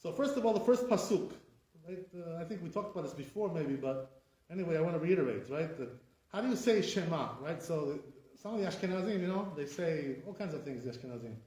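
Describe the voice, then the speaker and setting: The speaker is a rabbi whose voice runs high and a little mellow, delivered in an animated, fast manner. He teaches a casual class to an audience present in the room, saying "right?" often and acting out incorrect and correct pronunciations. It's recorded at a distance amid echo.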